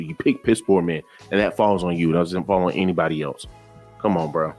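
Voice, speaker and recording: Very low-voiced man, exasperated reaction commentator, faint music under. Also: steady tone, moderate pace, darkish tone. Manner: exasperated, lecturing, repeats himself.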